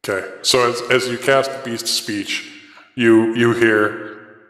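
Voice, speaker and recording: A man narrating a tabletop game as game master, in unhurried description. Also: mid-range voice, level tone, fairly bright tone. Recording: echoey roomy hall.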